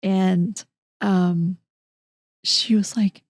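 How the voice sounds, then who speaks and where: A middle-aged woman, a guest telling a personal story in an interview, animated and voicing the people in her story. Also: fairly low pitch, unhurried, no room sound. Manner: animated, acts out quoted dialogue, frequent restarts. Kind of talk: conversational storytelling.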